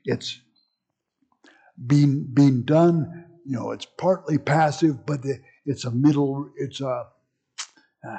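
A man's voice: mid-range voice, vocal fry, mellow, husky. A man preaching a sermon as pastor, teaching in a conversational way with frequent asides and explanations.

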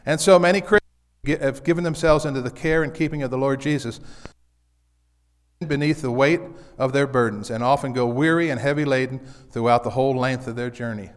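A man's voice: medium pitch, moderate pace, big-room sound. A man preaching a casual sermon in a church, in a folksy way, often repeating his key lines. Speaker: pastor. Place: church sanctuary.

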